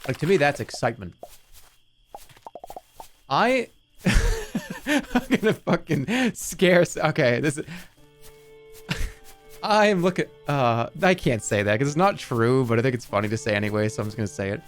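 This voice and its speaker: A middle-aged man gives playful, animated game commentary, his pitch leaping around as he jokes and swears casually. He has a soft bed of music running faintly underneath him. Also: normal speed, long pauses. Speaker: streamer.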